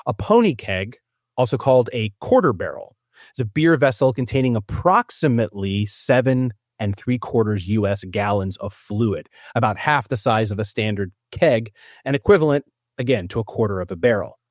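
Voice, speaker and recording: A man's voice: lowish voice, lively intonation, moderate pace, no echo, studio quality. A man hosting a trivia quiz, playful and chatty as he explains facts. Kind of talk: casual game-show hosting.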